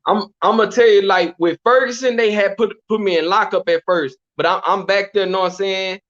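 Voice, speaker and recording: Over a dull lo-fi recording, a man from Texas recounts his time in prison during a casual interview. He talks fairly quickly in a high, bright voice, full of slang and energy, and he leans on the phrase "you know what I'm saying."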